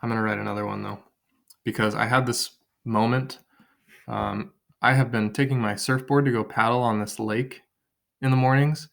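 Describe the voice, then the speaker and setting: A man's voice: medium pitch, fairly even intonation, normal speed, creaky, fairly bright tone. A man teaching an online writing lesson from his kitchen table, thinking aloud and counting syllables as he drafts.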